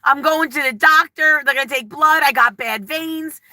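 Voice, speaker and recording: A woman hosting a casual livestream, rambling warmly and openly nervous as she reads viewer comments aloud. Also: sits high, moderate pace, no room sound. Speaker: livestream vlogger. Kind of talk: casual live-chat talk.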